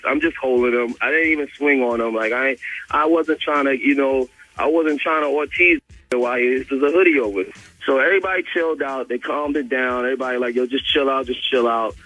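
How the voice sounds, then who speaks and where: A young man calling in to a radio show, telling a story in a casual, animated way, swearing freely and filling his speech with "like" and repeated words. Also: medium pitch, a little fast, low-quality recording. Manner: animated, profane, full of "like" and repeats.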